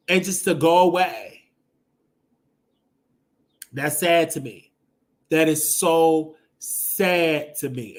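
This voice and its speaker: A man in his thirties hosting a casual commentary show, talking emotionally and bursting into loud exclamations. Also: high voice. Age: 30s. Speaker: show host.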